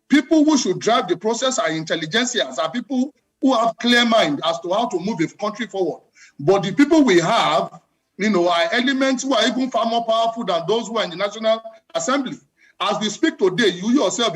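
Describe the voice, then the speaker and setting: A man's voice: sits high, a bit bright, low-quality recording. A Nigerian man giving passionate, emphatic political commentary as a guest on a live TV talk show. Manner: passionate, emphatic, talks over the host.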